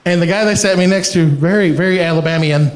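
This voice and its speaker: A man's voice: sits high, quick pace. A man doing a stand-up set in a punchy style, often laughing through his lines. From American South. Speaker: stand-up comedian. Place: live comedy venue. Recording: echoey live venue with audience noise.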